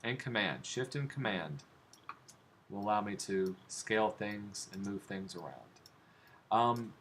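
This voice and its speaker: A man's voice: fairly low pitch, a little slow. A man teaching a design class, demonstrating steps on a computer as he goes and asking his students questions. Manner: relaxed, talks while clicking through steps, asks students questions. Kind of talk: live classroom software demonstration. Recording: faint background noise.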